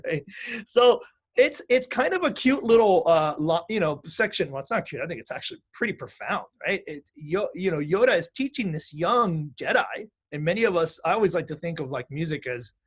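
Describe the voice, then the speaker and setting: A man's voice: fairly high pitch, expressive, normal speed, fairly bright tone. A man teaching music and mindfulness in a conversational online class, often asking "right?" to check in with students.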